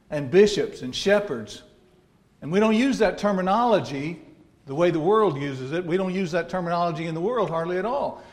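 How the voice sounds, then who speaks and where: A man with an Alabama accent preaching a sermon, teaching in a folksy, conversational way with homey asides. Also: high-pitched. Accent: Southern American, Alabama. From North Alabama.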